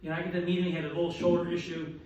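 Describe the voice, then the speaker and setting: An older man from Delaware, a surgeon doing rapid stand-up one-liners with self-deprecating asides at a dinner event. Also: on the high side, flat delivery, darkish tone, far from the mic, dull audio, a little hiss or hum. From Wilmington, Delaware, US. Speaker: orthopedic surgeon telling jokes. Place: banquet hall with audience. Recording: roomy hall audio with crowd laughter.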